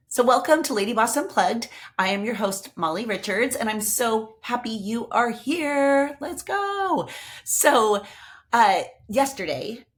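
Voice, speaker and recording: A woman hosting a motivational podcast, telling stories in an enthusiastic, chatty way. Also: fairly low pitch. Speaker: podcast host. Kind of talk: upbeat motivational podcast talk.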